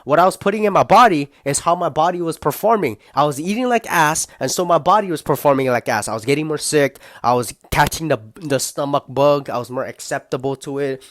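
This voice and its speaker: A man's voice: a little high, brisk, hardly any pauses, a bit bright, no echo, clean studio sound. A young man giving a casual, heated motivational rant, rambling and full of swearing. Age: young adult. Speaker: motivational vlogger.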